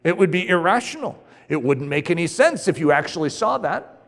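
A man preaching a sermon as pastor, animated, with sudden emphatic rises in his delivery. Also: on the high side, a little fast, creaky. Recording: long hall reverb.

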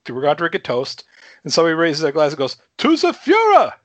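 A man in his fifties from Chicago, guest on a casual talk show, telling a story with lively energy, swearing freely and chuckling between lines. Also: a little high, very fast, no echo, dull audio. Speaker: podcast guest.

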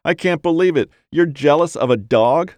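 A man's voice: fairly high pitch, expressive, normal speed, a little mellow, no echo, voice pushed up, natural voice. A man voicing an easygoing young man who loves his dog, talking in a soothing, laughing way. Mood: amused, soothing.

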